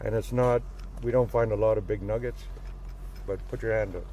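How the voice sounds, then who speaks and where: A man who works as a gold miner, telling a story in a blunt, profane, animated way, recorded outdoors at a mine site. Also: lowish voice, a little fast, highs cut off, background noise. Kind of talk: casual storytelling.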